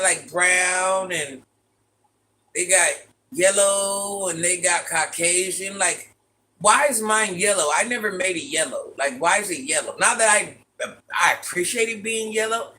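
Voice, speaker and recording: A woman with a deep, raspy voice hosting a casual livestream, chatting and teasing as she reads viewers' comments. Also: measured pace, bright, forceful tone. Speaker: livestream host reading chat. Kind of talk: casual live chat with viewers.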